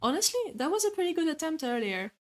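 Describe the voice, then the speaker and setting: A woman's voice: sits high, big pitch swings, fast. A woman streamer with a French accent chatting casually with viewers while drawing, hesitant and full of filler sounds, laughing often. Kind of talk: casual chat, reading and answering viewer comments while drawing.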